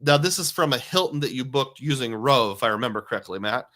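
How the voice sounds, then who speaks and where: A man hosts a relaxed live stream and talks in a loose, rambling way. His voice is bright and forward, at a middle pitch for a man. He reads comments out loud and chats back with easy humor. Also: quick pace. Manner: rambling, reads viewer comments aloud and jokes along. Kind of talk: casual live stream chat.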